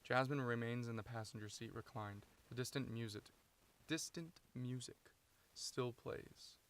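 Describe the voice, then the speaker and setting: A man's voice: medium pitch, a little slow. Man reading stage directions in a car. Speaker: author reading his own screenplay. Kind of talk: script read-through narration. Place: inside a parked car.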